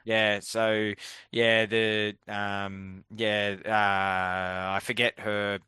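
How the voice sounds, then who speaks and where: Australian man, podcast host, crisp voice, dry close sound, casual, laughs a lot. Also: lowish voice, flat delivery, very slow, pushed and bright, dry recording. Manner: laughs often, restarts and trails off. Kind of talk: casual interview chat.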